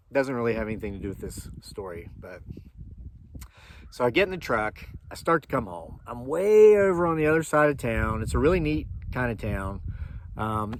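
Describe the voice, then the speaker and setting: A man's voice: medium pitch, a little hiss or hum. Chatty rambling man from Appalachia. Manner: rambling, digressive, chatty asides to viewers. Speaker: homesteading channel host. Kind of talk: casual storytelling to camera.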